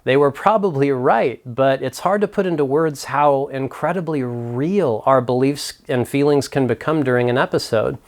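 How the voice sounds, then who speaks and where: A man's voice: mid-range voice, moderate pace, hardly any pauses. A man hosting a mental health video, narrating a story and reflecting earnestly in a scripted delivery.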